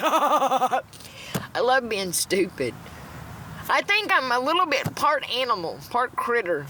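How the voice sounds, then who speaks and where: A TikTok livestreamer, middle-aged, delivers a casual, rambling rant to her phone from a parked car, swearing and speaking bluntly. Her voice is on the high side, with background noise around her.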